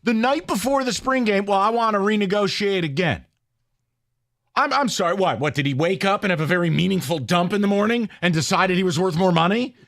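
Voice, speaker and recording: A man's voice: high voice, expressive, fast, few pauses, a bit bright, dry recording, studio quality. A man hosting a sports talk radio show, ranting heatedly and taking calls.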